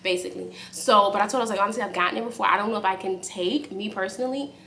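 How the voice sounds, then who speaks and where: A young woman casually telling a story to camera for her vlog, chatty and animated, acting out what others said. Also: mid-range voice, very fast, slight background noise. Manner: animated, acts out quotes in a raised voice; speaks softly aside to her baby. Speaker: vlogger.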